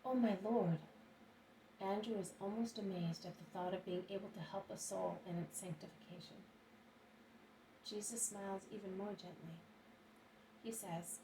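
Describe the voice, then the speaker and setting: A woman reading a religious book aloud in a steady, measured narration. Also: mid-range voice. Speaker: audiobook reader. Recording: roomy, distant mic, faint hiss.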